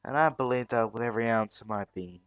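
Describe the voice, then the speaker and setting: A man voicing a calm young male hero in a fan story, lecturing his foe in a steady, defiant way. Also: medium pitch, fast talker, no room sound, faint music behind, lightly acted.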